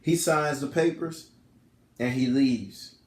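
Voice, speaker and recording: A man casually recapping a film plot in animated storytelling style, full of slang. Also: mid-range voice, takes it slowly. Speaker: film reviewer. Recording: roomy echo.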